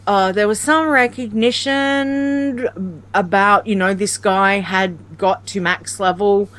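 A woman's voice: mid-range voice, steady tone, slow pace, fairly bright tone. A woman guest on a gaming podcast, telling stories in a giggly, rambling way over a remote call. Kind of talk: casual chat about gaming.

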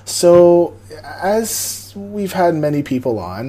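A woman's voice: fairly low pitch, very animated, takes it slowly, mellow, a little hiss or hum. A woman hosting a gaming podcast, asking questions in a playful, teasing way over a remote call. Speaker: podcast host. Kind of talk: casual podcast interview.

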